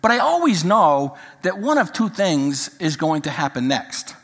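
A man's voice: on the high side, a little slow, slightly rough. An older man, a grandfather, preaching a sermon and mixing humorous stories with Bible teaching. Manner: storytelling, jokes then teaching, animated quoting. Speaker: pastor. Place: church sanctuary. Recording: long hall reverb.

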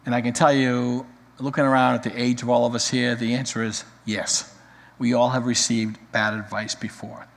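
A male pastor preaching a sermon, dramatic, swinging between loud emphasis and quiet, full of rhetorical questions. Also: medium pitch, level tone, normal speed, gravelly, long reverb tail.

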